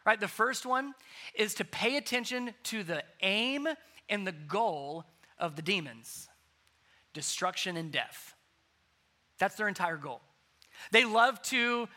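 A man preaching a sermon, animated, moving between loud emphasis and hushed, quiet points. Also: high voice, moderate pace. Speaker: pastor.

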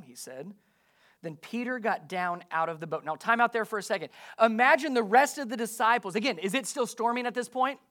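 Male pastor, high-pitched voice, emphatic sermon delivery, asks the congregation questions. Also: lively intonation, fast, fairly bright tone.

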